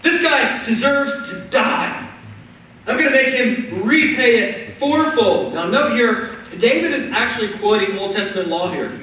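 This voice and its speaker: A man preaching with lively, conversational storytelling, his voice high and bright. It rings around a big, echoing church hall and is picked up from some distance, with a faint background hiss. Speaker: pastor. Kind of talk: sermon. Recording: echoey hall from far off.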